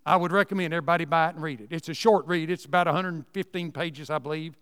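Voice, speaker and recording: High-voiced preacher in a hall. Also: male voice, steady tone, quick pace, a bit bright, clear, resonant tone. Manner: folksy, emphatic, repeats phrases for emphasis. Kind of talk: sermon.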